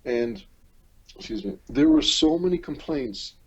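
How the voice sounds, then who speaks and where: Over a muffled phone line, a tired Canadian man joins a podcast as a guest, ranting casually in a blunt, profane way. His voice is medium-pitched and slightly rough, with lively intonation and an unhurried delivery.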